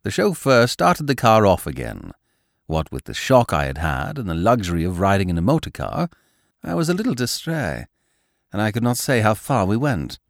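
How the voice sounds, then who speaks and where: A man's voice: on the low side, huge pitch swings, normal speed, gravelly, no echo, studio quality, heavily acted. A man reading a storybook as a wry, easygoing male dog narrating his own tale. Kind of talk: audiobook narration.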